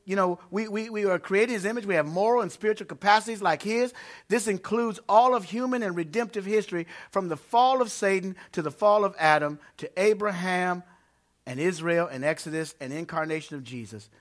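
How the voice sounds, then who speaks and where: A man preaching a sermon to a congregation in a church, emphatic and growing loud when he quotes scripture. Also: high voice, a little fast. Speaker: pastor.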